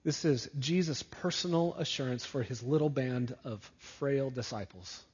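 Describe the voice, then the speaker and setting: Male pastor, sermon delivery, slow and measured, slightly husky, dull recording. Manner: deliberate preaching, dropping low and soft at phrase ends.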